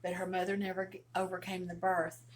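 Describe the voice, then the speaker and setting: A woman's voice: fairly low pitch, completely flat delivery, fairly quick, heavy background noise. A middle-aged woman with a Southern US accent hosts a casual home cooking demonstration, talking in a folksy, chatty, storytelling way from her kitchen. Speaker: cooking channel host.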